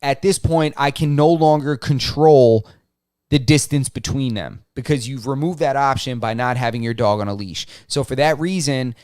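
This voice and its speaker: Male podcast co-host, mid-pitched, rambling opinions, dry close recording. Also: moderate pace, a little mellow, no room sound. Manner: opinionated, loose, with many restarts. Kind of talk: casual chat.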